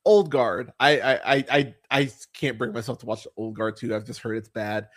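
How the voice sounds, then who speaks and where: With a medium-pitched, steady, slightly bright voice at normal speed, a young podcast host chats about terrible films. He's rambling and profane, peppering his talk with fillers, laughing as he goes, and swooping into mocking impressions.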